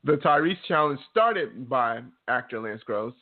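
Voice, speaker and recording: A man banters on a podcast in a loose, profane, animated way. His voice sits in a mid range. The line sounds thin and tinny, like a phone call. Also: medium pitch, unhurried. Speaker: podcast co-host. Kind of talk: casual chat.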